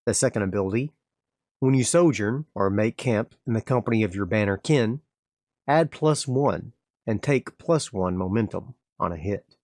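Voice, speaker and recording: A man's voice: lowish voice, a little mellow, no echo, clean studio sound. A man playing a solo tabletop game, calling out his dice rolls step by step and narrating the story. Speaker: game master and solo player.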